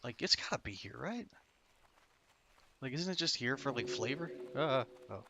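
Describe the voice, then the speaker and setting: Sleepy, gravelly-voiced man streaming a game. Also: mid-range voice, animated, normal speed, noisy background. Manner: rambling, profane, self-talking. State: sleepy, tired. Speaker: streamer playing an online game. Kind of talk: casual live gameplay commentary.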